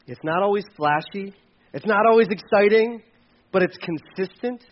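A man preaching a sermon as pastor, swinging from loud, high emphasis to quiet, low asides and acting out the voices of churchgoers. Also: normal speed, dull audio. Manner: acts out quoted voices of churchgoers.

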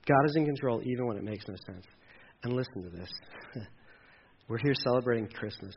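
A male pastor preaching a sermon in an animated way, acting out voices in quotes and sometimes dropping very soft. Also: medium pitch. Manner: animated, acts out voices of God and people in quotes, then drops to soft near-whispers. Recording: dull lo-fi sound with faint noise.

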